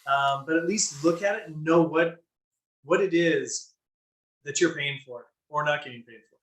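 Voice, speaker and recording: Agreeable male dentist guest, a bit higher voice, off-mic and echoey. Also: normal speed, a bit bright, far from the mic.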